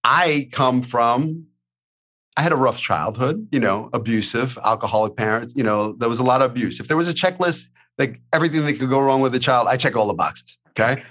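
A man's voice: mid-range voice, fairly quick, a bit bright. Earnest motivational man, filler-heavy. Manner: earnest, motivational, many "you know" fillers. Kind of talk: casual podcast chat.

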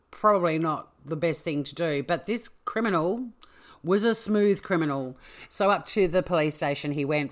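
A woman hosting a true-crime podcast, chatty and playful, correcting herself as she goes. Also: low voice. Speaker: podcast host.

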